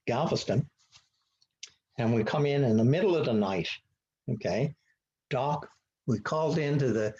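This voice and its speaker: A man's voice: medium pitch, dark tone, a little hiss or hum. An older man telling rambling sailing anecdotes in a meetup talk, acting out the dialogue with lots of fillers. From Ottawa, Canada. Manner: rambling storyteller who acts out dialogue, many fillers. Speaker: guest speaker. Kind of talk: anecdotal presentation on an online meetup. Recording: dull lo-fi online call audio.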